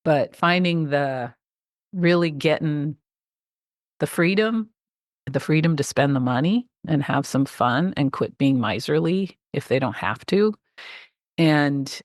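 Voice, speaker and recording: A woman's voice: low-pitched, expressive, slow, no room sound, clean studio sound. A middle-aged woman, a life coach guest, talking enthusiastically and a bit rambling about clients facing change. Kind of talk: casual interview chat.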